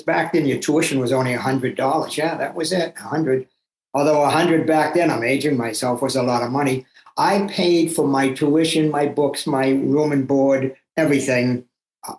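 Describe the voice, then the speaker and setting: Older male guest, fairly high voice, emphatic storyteller, echoey room. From Massachusetts, USA. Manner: animated and emphatic, with self-talk asides. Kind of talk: personal storytelling. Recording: roomy echo.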